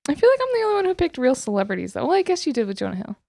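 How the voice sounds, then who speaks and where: Blunt woman with a gravelly voice. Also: high-pitched, huge pitch swings, very fast, warm tone, dry recording, studio quality. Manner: blunt, dismissive, laughs often. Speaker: podcast co-host. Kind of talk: casual chat.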